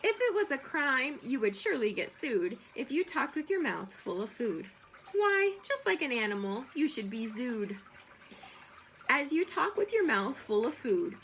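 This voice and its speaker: A woman's voice: sits high, sing-song, unhurried, fairly bright tone, slight background noise, exaggerated voice. A woman voicing an exasperated father in a children's poem, lecturing in an exaggerated way. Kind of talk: reading a children's poem aloud.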